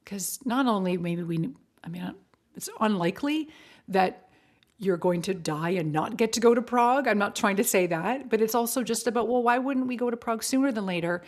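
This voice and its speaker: A woman at an ordinary middle pitch chats as a podcast guest. She talks in animated bursts, full of fillers and restarts. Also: brisk. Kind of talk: casual interview chat.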